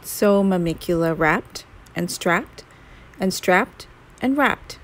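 A woman reading a children's picture book aloud in a slow, gentle storytelling manner. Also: fairly low pitch, animated, soft background music, rough recording.

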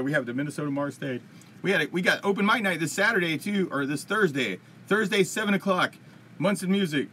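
Speaking into a desk computer mic, this man has a higher, pushed and bright voice over slight background noise. He runs a laid-back music Q&A livestream, reading chat and replying with upbeat, filler-heavy rambling.

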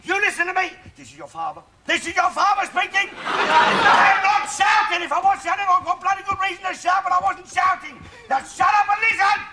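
An actor playing a cantankerous, rude older father in a sitcom, with a blustering, shouting manner. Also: extremely high pitch, very animated, normal speed, a loud crowd, exaggerated voice. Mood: grumbling, ranting. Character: cantankerous, bigoted older man, a loud-mouthed father. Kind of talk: sitcom acting. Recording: loud background noise.

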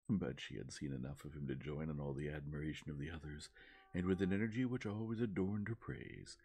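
A man reading a classic novel aloud as a soft-spoken ASMR narrator, slow, soothing and measured. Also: extremely low pitch, gravelly, breathy edge.

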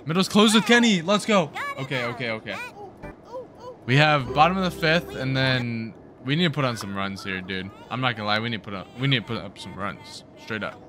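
A young man hosting a gaming video, giving excited let's-play commentary and cheering his team on with slangy outbursts. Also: medium pitch, a little fast, background noise. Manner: hyped, yelling at the game, slangy.

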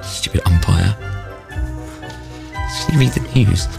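A male radio host bantering in a casual, animated and self-mocking way, often sounding exasperated. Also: low voice, slow pace, gravelly, over music.

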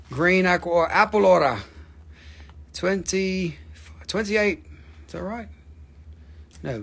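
A fairly high-voiced man runs a live crystal sale. He jokes and teases his viewers, swears casually, and rattles off prices between the gags. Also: creaky, fairly bright tone, a little hiss or hum. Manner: joking, teasing, swears casually. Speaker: live-stream crystal seller. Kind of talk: joking live sales stream.

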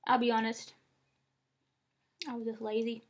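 Young adult woman, slightly high voice, upset and candid vlog vent with frequent swearing, close-up room sound. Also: completely flat delivery, a little slow. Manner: upset, rambling and frank, swears often. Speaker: vlogger. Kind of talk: casual venting to camera. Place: small room indoors.

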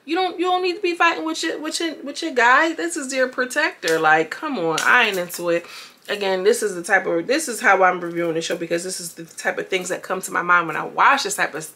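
A woman's voice: mid-range voice, a little fast, sharp tone, a little hiss or hum. A woman casually reviewing a reality show from home, chatting directly to her viewers with blunt, opinionated commentary.

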